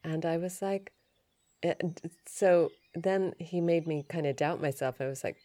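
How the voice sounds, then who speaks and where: Lady podcaster, low voice, chatty and lively, super dry close mic. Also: a little slow, no echo. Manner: chatty, animated retelling with laughs and restarts. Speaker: podcast host, yoga and Ayurveda teacher. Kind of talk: casual storytelling podcast.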